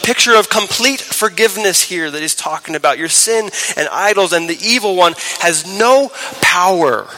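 A man preaching a sermon as pastor, shifting between emphatic raised lines and soft, low, tender passages and slowing on key words. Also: vocal fry, background noise.

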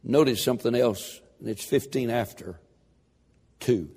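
A man preaching a sermon, fervent and building to shouted emphasis. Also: mid-range voice, a little slow, husky, long reverb tail.

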